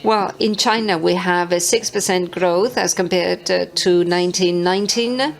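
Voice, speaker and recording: A woman interpreting a conference talk, halting and hesitant, with many filler sounds between words. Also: on the low side, gravelly.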